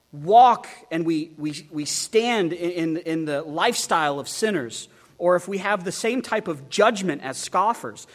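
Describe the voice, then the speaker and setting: A man preaching an expository sermon, emphatic and animated, asking the listeners many rhetorical questions. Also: sits high. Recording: long hall reverb.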